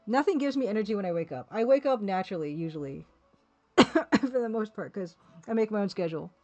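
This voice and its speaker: In a muffled recording, a Canadian-accented woman talks at a moderate pace in an animated, medium-pitched voice with a darkish tone. She's livestreaming her pixel art, chatting casually with her chat, rambling and running herself down as she works.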